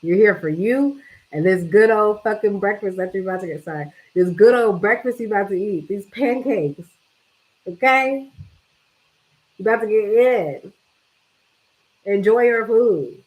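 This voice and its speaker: A woman's voice: medium pitch, lively intonation, a little slow, pauses often, a little mellow, poor audio. A young woman telling a casual story to camera, chatty and swearing freely, with lots of "like" and talk of energy and vibes. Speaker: vlogger.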